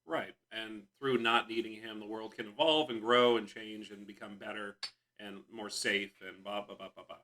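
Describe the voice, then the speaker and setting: A man's voice: fairly low pitch, fairly even intonation, normal speed, bright, forceful tone, a little hiss or hum. A young man co-hosting a casual podcast chat, rambling with lots of fillers and restarts. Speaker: podcast co-host.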